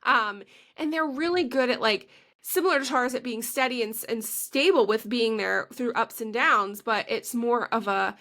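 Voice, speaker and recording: A woman's voice: fairly high pitch, normal speed, fairly bright tone. A woman co-hosting a podcast in casual chat, chatty and gushing, filling her talk with "like" and laughing mid-sentence. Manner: chatty and gushing, heavy use of "like". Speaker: podcast co-host.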